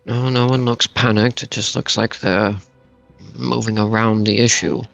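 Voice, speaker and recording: A man's voice: lowish voice, level tone, unhurried, creaky, a bit bright, highs cut off, faint music behind. A man playing a tabletop game casually, hesitant and repeating words. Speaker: player.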